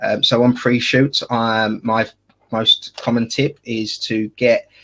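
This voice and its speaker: A man's voice: medium pitch, flat delivery, takes it slowly, sharp tone, slight background noise. A man with an Essex accent, chatting casually as a wedding photographer and podcast co-host, jokey and full of fillers and restarts. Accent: Essex English.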